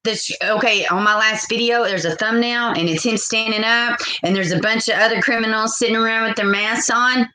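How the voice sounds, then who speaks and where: A woman's voice: on the high side, steady tone, brisk, hardly any pauses, pushed and bright, poor audio. Blunt woman in her forties hosting a stream. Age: 40s. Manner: blunt, outspoken, reads viewer comments aloud. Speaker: livestream host. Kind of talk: live call-in stream chat.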